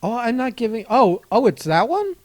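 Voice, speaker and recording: A man's voice: very high voice, big pitch swings, moderate pace, no echo. A man co-hosting a casual podcast chat, laughing and teasing as he reacts to stories. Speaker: podcast co-host.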